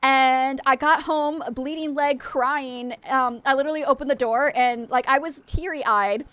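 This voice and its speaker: Female streamer, 30s, high voice, lively casual storytelling over gameplay. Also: normal speed, no echo. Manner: chatty, animated, swears and laughs often. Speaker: gaming streamer. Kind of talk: casual storytelling while gaming. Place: home office.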